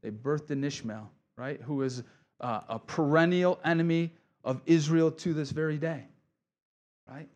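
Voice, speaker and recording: Middle-aged pastor, man, casual joking sermon delivery, slightly high pitch. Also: measured pace, a little mellow, muffled recording. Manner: casual, joking preacher with asides and voiced quotes. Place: church sanctuary.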